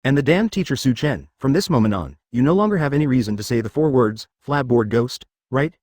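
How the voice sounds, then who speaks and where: A man reading the lines of a bold, hot-tempered teenage girl ninja in a flat, machine-like way, as a storybook narrator. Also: mid-range voice, brisk, no echo, clean studio sound, natural voice. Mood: gloating.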